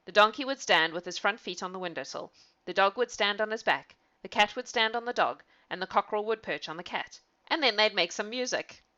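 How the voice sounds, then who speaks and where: A woman reading a fairy tale aloud in an animated way, with laughing asides to her listener. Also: medium pitch, a little fast, dull audio. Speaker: storyteller. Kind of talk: storybook reading.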